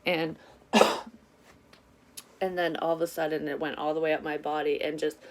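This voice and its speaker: A woman, a psychic reader telling a story in a casual tarot vlog, candid and quick to swear. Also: sits low, level tone, a little hiss or hum.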